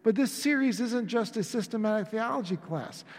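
A man's voice: sits high, expressive, normal speed. A male pastor giving a conversational sermon to his congregation, acting out little dialogues along the way. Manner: conversational preaching with acted-out dialogues. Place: church sanctuary. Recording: echoey church hall.

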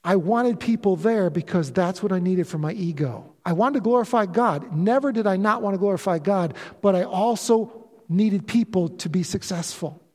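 A pastor in his fifties preaches a sermon with a notably high voice for a man. He speaks earnestly and confessionally, pressing into emphatic, rising declarations. His voice rings with the long reverb of a large church hall. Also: normal speed, darkish tone. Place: church sanctuary.

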